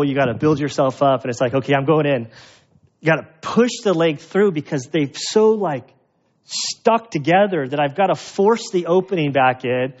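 A man preaching with a higher voice. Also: lo-fi sound. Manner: conversational, emphatic, with self-deprecating humor. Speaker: pastor. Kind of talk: expository sermon.

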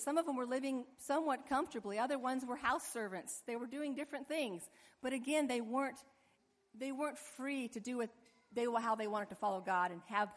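A woman with a fairly high voice preaches a sermon, lively and expressive. She acts out the people in her story as she goes. Her voice carries a long hall reverb.

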